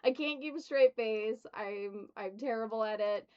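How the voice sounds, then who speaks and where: A woman's voice: on the high side, moderate pace, darkish tone, slight background noise. Giggly woman streamer, dull lo-fi sound. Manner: giggly, laughs often between words. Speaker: streamer and host. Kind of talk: casual chat during a tabletop game stream.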